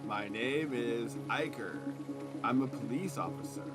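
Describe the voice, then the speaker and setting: Man doing a steady police officer, reassuring, unhurried, game dialogue. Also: mid-range voice, over loud music, close to an everyday voice. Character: calm male police officer, adult.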